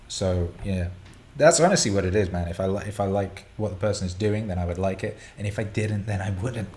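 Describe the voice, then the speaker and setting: A man's voice: on the low side, fairly quick, darkish tone. A man hosting a show, answering listener questions in a casual, rambling way, swearing freely and restarting his sentences often.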